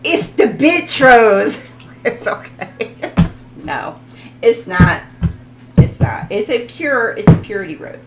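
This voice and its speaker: A woman's voice: fairly high pitch, big pitch swings, slow, pauses often, over music, poor audio. A woman hosting a casual live tarot reading, chatting with viewers, laughing often and stumbling over foreign words. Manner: talks to viewers in the chat.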